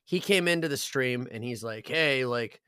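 A young man tells a story in relaxed podcast chat, heavy on swearing and laughter. His voice sits at a middle pitch. The sound is dry and close, with no room around it. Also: normal speed, smooth, no room sound. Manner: swears a lot, laughing storyteller, acts out quotes. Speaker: podcast co-host. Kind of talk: casual chat.

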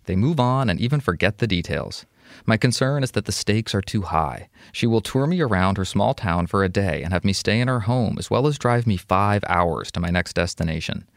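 Low-voiced man reading a letter. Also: lively intonation, fairly quick, vocal fry, dry recording, studio quality. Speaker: advice podcast co-host. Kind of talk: reading a listener letter, then casual chat.

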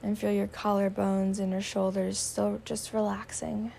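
A woman guiding a meditation, speaking slowly and softly, often slipping into a whisper. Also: mid-range voice, level tone, creaky, slight background noise. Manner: slow, soft-spoken, drifting into whispers; warm spiritual affirmations. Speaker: meditation guide. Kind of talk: guided meditation.

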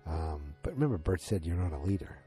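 A man casually recapping a TV episode. He rambles excitedly and acts out the lines he quotes. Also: low-pitched, fast talker, faint music behind.

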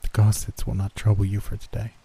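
A man's voice: fairly low pitch, monotone, brisk, vocal fry, dark tone, slight background noise. A man voicing an exhausted eight-year-old girl with a faint German accent, straining and pleading as she speaks. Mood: weary pleading. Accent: German hint. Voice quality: tired, strained on every word. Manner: urgent, pleading.

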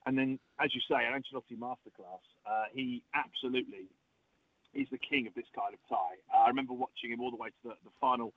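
Brief: male football pundit with a South East London drawl, mid pitch, chatty and animated, heard over a muffled lo-fi line. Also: fast. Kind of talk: casual football chat. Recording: dull lo-fi remote line.

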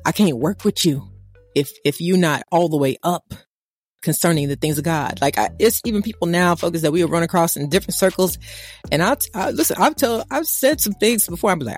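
A woman, co-hosting a casual faith talk and preaching in an animated, conversational way. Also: on the low side, brisk, slightly rough, no room sound, faint music behind. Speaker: podcast co-host.

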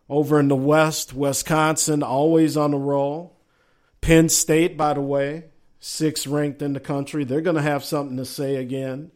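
A man with a Southern accent hosting a casual sports talk show, musing aloud and reading chat messages in a folksy, drawling way. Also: on the high side.

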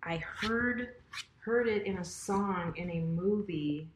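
A woman's voice: on the low side, slow pace, slight background noise. A middle-aged woman telling personal stories in a casual chat. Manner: storytelling, chatty with laughs. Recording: echoey room.

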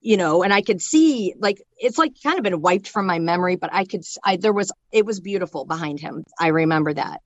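A young woman recounts a painful personal memory, her speech halting and dotted with fillers and restarts. Her voice sits a little low for a woman. The recording is close and dry. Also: lively intonation, no echo. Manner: halting, filler-heavy talk with many restarts. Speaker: storyteller sharing a personal loss. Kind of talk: emotional personal storytelling.

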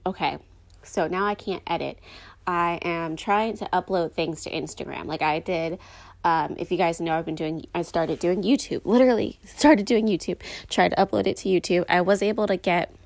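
A woman's voice: lowish voice, fairly even intonation, moderate pace, gravelly. A young woman hosting a podcast alone in rambling, chatty talk full of fillers. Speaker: podcast host. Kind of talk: casual solo podcast chat.

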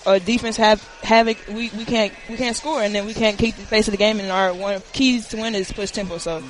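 A woman college basketball player giving a post-game interview, soft-spoken with many hesitations. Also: mid-range voice, steady tone, a little fast, a little hiss or hum, rough recording.

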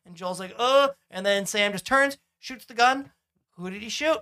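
This podcast co-host has a high, smooth voice with a bright, forceful edge, talking at an ordinary speed. Recapping a TV episode casually, he wanders off track, curses, and performs the show's lines using different voices.

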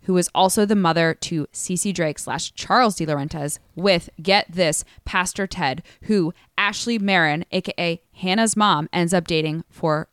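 Lower-voiced woman laying out details. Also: moderate pace, few pauses, a bit bright, clear, resonant tone, dry recording, studio quality. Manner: methodical explainer, wry. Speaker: podcast co-host. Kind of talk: casual chat recapping a TV show.

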